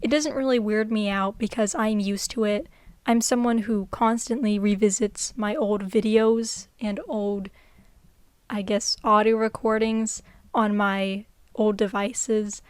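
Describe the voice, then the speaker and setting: A woman's voice: on the high side, clean tone, no echo. A young woman vlogger giving unscripted casual commentary, chatty and rambling, laughing often.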